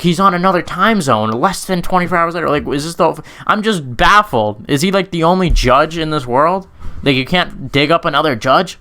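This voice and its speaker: A man talks through MMA questions from his audience in loose, rambling speech, swearing freely and filling pauses with "um" and "like." His voice is bright and smooth, and it rings out with clarity. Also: mid-range voice. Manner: rambling, profane, frequent fillers and self-corrections. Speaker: YouTube MMA commentator. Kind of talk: casual unscripted Q&A monologue.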